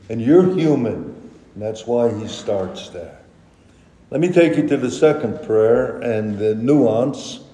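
A man's voice: medium pitch, dark tone. A man preaching a sermon earnestly, rising into pleading when he voices prayers. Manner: slow, earnest, rises to pleading cries when quoting prayers. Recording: echoey hall reverb.

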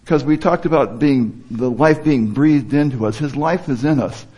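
A man's voice: medium pitch, normal speed, dark tone. A man giving an informal sermon, talking conversationally and stopping to rephrase as he quotes scripture. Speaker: preacher.

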